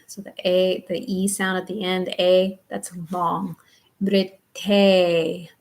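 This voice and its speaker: A woman leads a step-by-step pronunciation lesson for a chant, stretching each syllable out slowly and patiently so her students can repeat it. Her voice is fairly low and stays level in tone.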